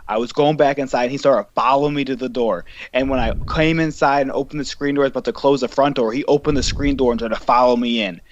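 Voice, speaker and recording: A young man co-hosting a podcast, telling a story in casual chat, animated and profane, acting out what people said. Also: medium pitch, quick pace, hardly any pauses. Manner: animated, profane, acts out quotes. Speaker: podcast co-host. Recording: dull lo-fi podcast mic with faint hiss.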